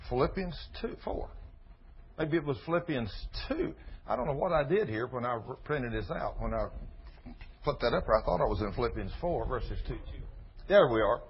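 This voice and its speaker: A man preaching an informal Bible lesson, folksy, reading scripture slowly and with weight. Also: mid-range voice, vocal fry, slightly rough. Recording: dull lo-fi sermon recording.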